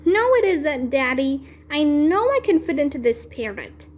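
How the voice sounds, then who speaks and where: A woman voicing an excitable, bossy little first-grade girl from a children's storybook, speaking shrill, pleading and overexcited. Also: normal speed, a little hiss or hum. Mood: excited. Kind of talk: children's storybook read-aloud.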